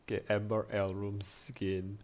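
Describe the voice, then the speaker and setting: A man's voice: lowish voice, completely flat delivery, a little slow, darkish tone. A young man chatting casually with his stream chat, rambling with lots of fillers and restarts. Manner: rambling, many fillers and restarts, frequent laughs.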